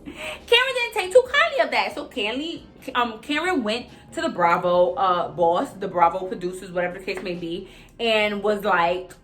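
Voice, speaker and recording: Animated young woman vlogger ranting casually. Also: mid-range voice, moderate pace. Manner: animated, swearing, jumps between topics, mimics others. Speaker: vlogger recapping reality TV. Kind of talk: casual chat.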